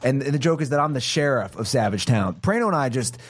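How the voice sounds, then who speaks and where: Animated man telling a story. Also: mid-range voice, quick pace. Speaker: podcast guest. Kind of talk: casual podcast chat.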